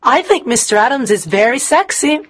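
A woman's voice: high-pitched, animated, normal speed, breathy edge, no echo, clean studio sound, voice pushed up. A woman voicing a frank, sensible schoolgirl in a storybook reading, in a matter-of-fact way.

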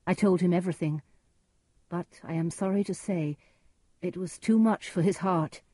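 A woman reading a storybook voices a bold young nobleman with a hidden face who speaks forcefully. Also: on the low side, normal speed, husky, no echo. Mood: sorrowful.

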